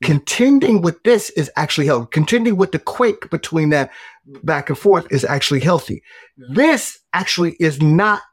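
A middle-aged man, a guest author, telling a personal story in casual conversation, animated and emphatic, swearing freely. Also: fairly high pitch, moderate pace, husky, no echo, studio quality.

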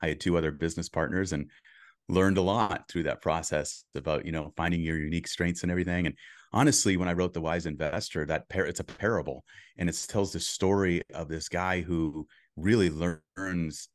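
Man, very low voice, podcast guest, earnest coaching tone, restarts, dry recording. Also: fairly even intonation, a little fast, no echo. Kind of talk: casual interview chat.

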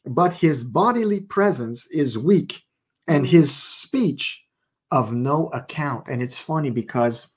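A man's voice: mid-range voice, lively intonation, slow, husky. A man co-hosting a casual faith podcast, playful and fond of wordplay, telling stories with animation. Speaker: podcast co-host and author.

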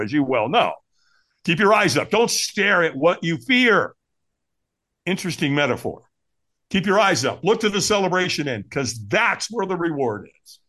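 A man telling a personal story as a podcast guest, acting out the people he quotes. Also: a little high. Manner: animated, acts out quoted voices. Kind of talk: storytelling in casual conversation.

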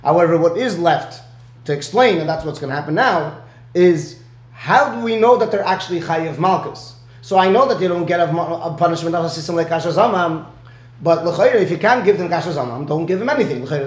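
A man's voice: fairly high pitch, brisk, echoey room. A man giving a one-on-one Talmud lesson, explaining step by step and often checking in with "right?". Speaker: Talmud teacher.

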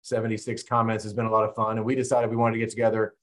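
A man co-hosting a podcast, talking in a loose, relaxed, rambling way. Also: on the low side, rapid-fire. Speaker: podcast co-host. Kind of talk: casual chat.

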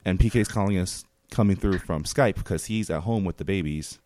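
A man's voice: low-pitched, fairly quick, a little mellow. A man co-hosting a podcast while sick, opening the show and making wry jokes in casual chat. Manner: wry and joking. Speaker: podcast co-host.

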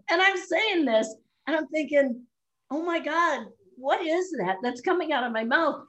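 A middle-aged woman chats on a podcast, laughing freely as she tells her stories. Her voice sits a little high and bounces with energy. She talks in a casual, unscripted way. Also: a little slow, rough recording. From Chicago area. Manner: animated storyteller, laughs often. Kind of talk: casual chat.

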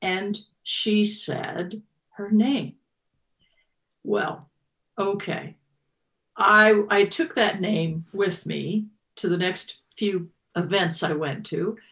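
A woman's voice: medium pitch, extremely slow, fairly bright tone. A woman in her fifties telling a personal story as an interview guest, reflective and emotional, with many restarts.

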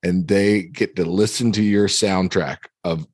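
Very deep-voiced man, dry close sound. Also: fairly even intonation, measured pace, darkish tone, breathy edge, no echo. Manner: blunt and opinionated, swears casually. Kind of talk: casual chat.

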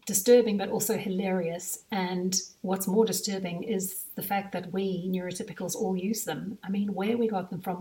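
A woman's voice: medium pitch, warm tone, recorded from a distance. A woman with a South African accent, hosting a podcast as a mother, talking in a chatty way full of asides. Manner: chatty, thinks aloud with frequent asides. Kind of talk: casual podcast monologue.

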